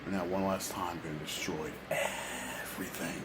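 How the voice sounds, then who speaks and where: A man's voice: low-pitched, steady tone, normal speed, few pauses, background noise. A man talking candidly and at length in a casual vlog, rambling and confessional.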